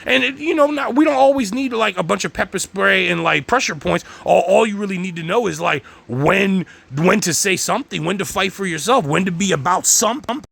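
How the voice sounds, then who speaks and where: Gravelly, high-voiced man ranting. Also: lively intonation, a little fast, few pauses, a bit bright. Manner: heated, rambling, swears constantly. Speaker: channel host. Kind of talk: profane rant monologue.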